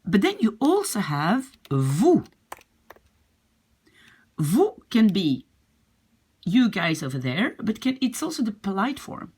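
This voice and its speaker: A woman's voice: mid-range voice, sing-song, takes it slowly, long pauses, darkish tone, husky. A woman teaching a language lesson, patiently explaining and repeating pronunciation examples. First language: French or Dutch. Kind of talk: explaining French grammar in English.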